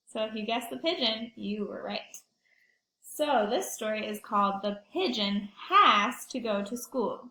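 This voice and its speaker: A woman school librarian speaking slowly and cheerfully to young children from her home, introducing a read-aloud. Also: medium pitch, expressive, fairly bright tone, roomy sound, slight background noise. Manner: slow, cheerful, talking to small children.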